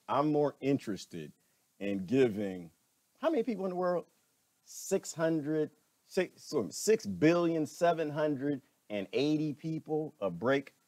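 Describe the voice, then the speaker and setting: A middle-aged man giving a preachy, animated monologue as a vlogger, laughing often and repeating himself. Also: medium pitch, no room sound. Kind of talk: ranting commentary monologue.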